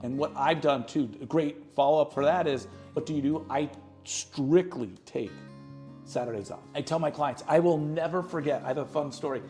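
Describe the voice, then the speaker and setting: A middle-aged man, a real estate agent on a podcast, telling lively stories and acting out the people in them. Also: a little high, moderate pace, faint music behind. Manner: lively, acts out quotes in his stories. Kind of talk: animated storytelling in an interview.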